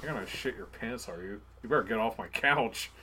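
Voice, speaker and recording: Low-voiced man with crude teasing banter. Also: lively intonation, brisk, pushed and bright, slight background noise. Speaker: podcast co-host. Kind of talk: casual podcast chat.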